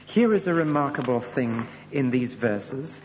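Solemn, emphatic preacher in an echoing hall. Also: male voice, lively intonation, measured pace. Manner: solemn, emphatic, with dramatic swings in pitch and loudness. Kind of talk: sermon. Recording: reverberant hall, dull lo-fi sound with faint hum.

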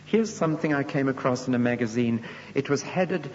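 A man's voice: animated, a little fast. A man preaching a sermon, solemn and emphatic, with his voice rising and falling dramatically for effect. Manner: solemn, emphatic, with dramatic swings in pitch and loudness. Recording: reverberant hall, dull lo-fi sound with faint hum.

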